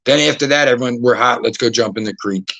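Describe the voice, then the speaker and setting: A podcast host tells stories in a loose, casual way. He swears freely and acts out what other people said. His voice sits at an ordinary pitch and sounds dry and close to the mic. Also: quick pace, a bit bright, no echo, highs cut off. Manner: profane, acts out quoted voices. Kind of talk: casual storytelling.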